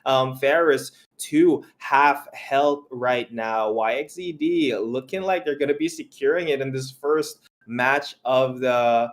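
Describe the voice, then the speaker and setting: A man's voice: medium pitch, slow pace, few pauses. Young male caster, upbeat game commentary, laughs easily, mid-range voice. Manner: excitable, laughs often, banters. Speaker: esports caster. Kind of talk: live esports commentary.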